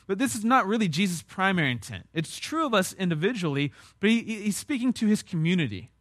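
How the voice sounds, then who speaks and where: A young man delivers a sermon in a relaxed, conversational style. He leans on key words with emphasis as he explains, his voice sitting a little high. The sound is close and dry, with no room echo. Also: quick pace. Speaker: pastor.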